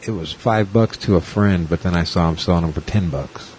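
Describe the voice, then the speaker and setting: A man's voice: low-pitched, a little fast, a little mellow, slight background noise. A man who does stand-up, chatting casually and rambling through anecdotes, acting out the people he quotes. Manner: rambling storyteller, acts out quotes with laughs. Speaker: stand-up comedian. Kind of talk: casual chat.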